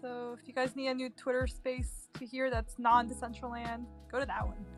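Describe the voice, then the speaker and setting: A woman's voice: fairly high pitch, little pitch movement, normal speed, music in the background. A woman talking casually in an online audio chat room, chatty, with many fillers and frequent laughter. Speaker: community member giving metaverse news. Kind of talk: casual Twitter Space chat.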